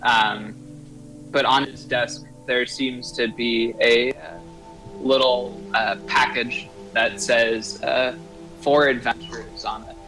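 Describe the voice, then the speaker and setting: A man runs a tabletop game with an easy, hesitant delivery, stopping often to find his words. He talks at a slow, measured pace. Faint music plays underneath. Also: medium pitch, fairly even intonation, bright, forceful tone, low-quality recording. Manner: slow, hesitant, many filler uhs. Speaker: game master.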